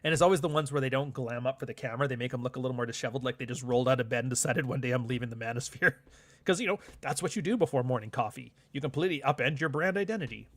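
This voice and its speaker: A man's voice: medium pitch, racing, no room sound. Sardonic man ranting on a stream. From Canada. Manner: sardonic, profane, rambling. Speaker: livestream host. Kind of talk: casual ranting monologue.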